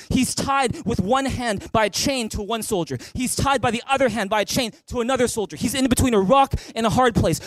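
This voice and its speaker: A man preaching a sermon as pastor in an animated way, building to emphatic peaks and asking the listeners direct questions. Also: high-pitched, brisk, few pauses, no room sound. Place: church stage.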